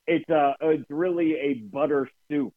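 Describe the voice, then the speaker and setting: Animated, cursing man. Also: fairly high pitch, a little slow, dry recording. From New Jersey. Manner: animated storytelling, swears freely. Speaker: podcast co-host. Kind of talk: casual chat. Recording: dry, phone-like lo-fi sound.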